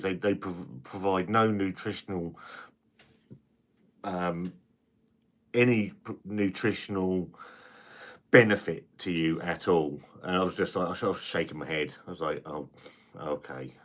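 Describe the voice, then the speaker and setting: A man's voice: low-pitched, measured pace, a bit bright. A man hosting a casual live stream, chatting, reading viewer comments, and rambling with frequent restarts and the odd swear word.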